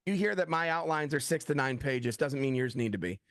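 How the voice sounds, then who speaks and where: A man's voice: mid-range voice, fairly quick, no echo. A middle-aged American man, a thriller author, chatting in an interview, telling stories animatedly and acting out quoted dialogue. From USA. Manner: animated storyteller, acts out quoted dialogue, frequent "like". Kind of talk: casual interview talk.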